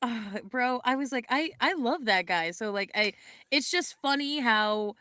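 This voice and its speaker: A woman's voice: a little high, expressive, a little slow, sharp tone, dry recording. A young woman co-hosting a podcast, chatting casually in a rambling, giggly way and correcting herself often. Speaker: podcast co-host. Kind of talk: casual chat.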